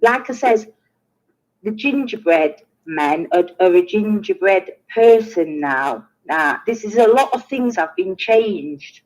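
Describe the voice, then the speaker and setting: A woman chatting on a live stream, hesitant and halting, often laughing between her words. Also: mid-range voice, lively intonation, a little mellow, poor audio. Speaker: guest on a live chat. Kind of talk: casual live-stream chat.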